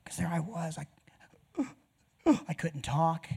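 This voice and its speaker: A man's voice: a little high, slow, gravelly, a little mellow, breathy edge. A man preaching an earnest personal testimony sermon in a church, speaking straight to his listeners. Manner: earnest, personal storytelling with direct appeals to listeners.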